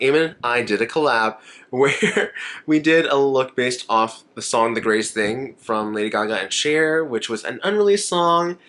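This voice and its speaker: A man's voice: mid-range voice, a bit bright. A young man talks straight to his camera in a casual makeup vlog. He rambles freely, gets emotional and laughs often, in an ordinary mid-range voice. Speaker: makeup vlogger.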